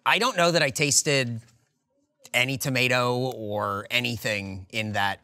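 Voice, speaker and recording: A man joining a food review chat, excitable and exclaiming. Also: mid-range voice, a little slow.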